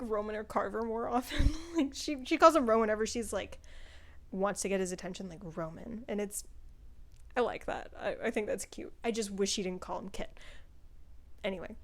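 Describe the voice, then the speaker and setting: A woman's voice: medium pitch, moderate pace. Chatty woman rambling through a book review. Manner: chatty and rambling, with frequent "like" and profanity; laughs often while talking. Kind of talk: casual spoken book review.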